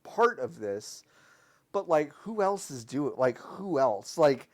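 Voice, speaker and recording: Podcast cohost rambling with likes and you knows, voice jumps all over in pitch. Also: slow. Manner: loose, filler-heavy, swings loud and excited. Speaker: podcast co-host. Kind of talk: casual chat.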